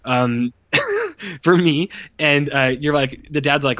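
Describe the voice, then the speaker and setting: A man on a casual podcast gives a blunt, profane review and mimics the characters to mock them. His voice is bright and forward. The recording is dull and dry, with no room sound. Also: fairly high pitch, huge pitch swings, takes it slowly, no echo. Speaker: podcast co-host. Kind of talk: casual film review chat.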